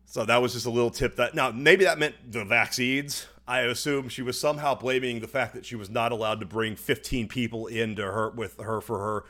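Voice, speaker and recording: A man's voice: medium pitch, fairly quick, hardly any pauses. A young man co-hosting a podcast, telling a story casually and profanely and acting out the other people's lines. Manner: profane, animated, acts out dialogue in voices. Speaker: podcast co-host.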